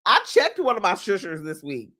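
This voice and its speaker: Lively preachy woman coach. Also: fairly low pitch, normal speed. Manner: animated, preachy, playful, laughs often, hollers for emphasis. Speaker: host, manifestation coach. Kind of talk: motivational talk.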